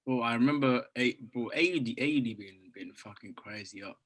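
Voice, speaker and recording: A man with a husky, mid-pitched voice chats excitedly about trading charts. He swears freely and keeps calling his friend bro. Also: fairly quick, poor audio. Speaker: trader. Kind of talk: casual chat.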